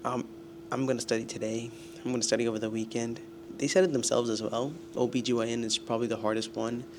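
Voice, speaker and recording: Gravelly young man venting in a vlog. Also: mid-range voice, little pitch movement, quick pace, noisy background. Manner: self-deprecating, exasperated, groaning. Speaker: student vlogger. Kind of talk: casual vlog.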